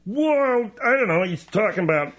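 A man's voice: high-pitched, big pitch swings, normal speed, a bit bright, voice pushed up. A man voicing a dim-witted male sidekick on a radio show, talking in a whiny, dopey, defensive way.

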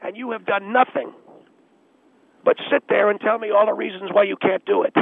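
A high, gravelly, husky voice of a bossy middle-aged station boss, put on by a man, barking orders with impatient pushiness. It comes through a thin, tinny phone line that sounds boxed-in and dry. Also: fairly even intonation, normal speed, dry recording. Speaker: radio station boss calling in.

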